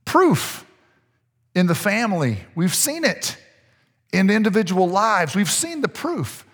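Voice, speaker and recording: A man preaching to his congregation with a fairly high voice and a lot of energy. He coaxes the room and repeats his key phrases. His voice rings out with the long reverb of a church hall. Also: big pitch swings, slow pace, fairly bright tone, slightly rough. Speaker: pastor. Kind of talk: sermon.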